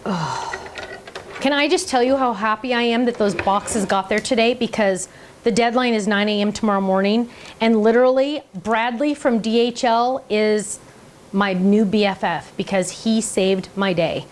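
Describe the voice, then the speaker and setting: A bubbly, chatty middle-aged woman leads an online cardmaking lesson, narrating each step as she works. Her voice sits a little high, and there is a faint background noise under it. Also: normal speed. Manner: chatty, bubbly, talks while working with hands. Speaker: cardmaking class instructor. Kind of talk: online crafting demonstration.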